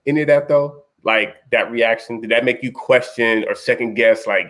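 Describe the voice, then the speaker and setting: A man's voice: medium pitch, moderate pace, a bit bright. A man hosting a casual podcast, asking probing follow-up questions.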